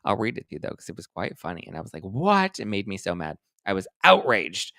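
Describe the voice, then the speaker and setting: Sassy man with a bright, crisp voice. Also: deep voice, very fast, dry recording, studio quality. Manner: sassy and playful, with dramatic mock-outraged asides. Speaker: host of a celebrity gossip show. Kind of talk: casual gossip commentary reading viewer comments.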